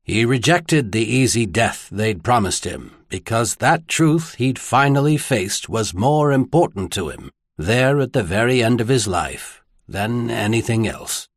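Male narrator doing a grave middle-aged churchman, flat, controlled and intense, with a husky edge. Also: mid-range voice, measured pace, few pauses, no echo, clean studio sound.

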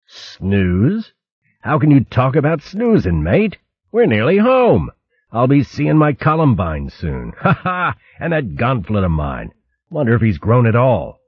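A man's voice: lowish voice, very animated, unhurried, slightly rough, no room sound, highs cut off, exaggerated voice. A man voicing a cheeky, boastful male mouse thief who jokes brashly and hurls comic insults. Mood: cocky. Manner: brash, jokey, name-calling.

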